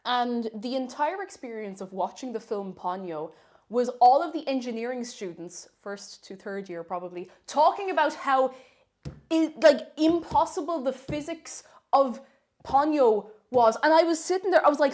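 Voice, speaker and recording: A young Irish woman with a high voice chats at normal speed as she bakes live on stream. Her talk is rambling and animated, full of laughter, and she reads chat messages out loud.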